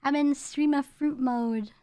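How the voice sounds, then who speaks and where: A high-voiced woman streamer from the UK talks casually with her live chat. She rambles and repeats lines, with her home accent toned down. The close mic sounds dry, with no room echo. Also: steady tone, a little slow, warm tone. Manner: chatty, rambling, repeats herself. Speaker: VTuber streamer.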